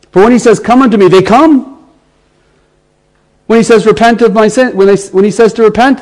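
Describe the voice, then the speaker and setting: Male preacher with a fairly high voice, earnest, repeats phrases, moves from hushed to raised delivery. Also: brisk, pauses often, poor audio. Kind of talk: expository sermon.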